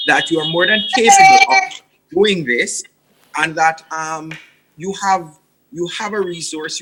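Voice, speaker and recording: Bright, husky Jamaican man speaking earnestly. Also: fairly high pitch, poor audio. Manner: earnest, repetitive emphasis. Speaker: podcast guest, father. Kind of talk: earnest interview answers.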